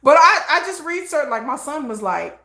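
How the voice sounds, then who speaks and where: A middle-aged woman hosting a casual livestream, blunt and animated, laughing often and acting out conversations. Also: high voice, brisk, echoey room. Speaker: livestream host.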